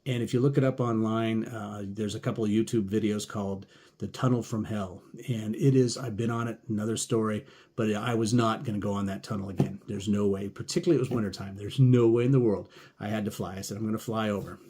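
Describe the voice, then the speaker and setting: A man with a low, husky voice, spinning a travel tale in a relaxed, conversational way. He acts out the people he met and the back-and-forth of each exchange. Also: fast talker. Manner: animated retelling, acting out both sides of conversations. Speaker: podcast host. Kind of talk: casual storytelling.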